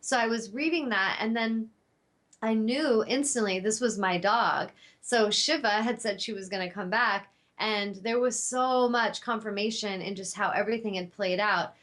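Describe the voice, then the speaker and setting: A woman's voice: mid-range voice, fairly bright tone. A woman hosting her own show, telling a personal story in a heartfelt, spiritual way, rambling a little with fillers. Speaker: talk show host.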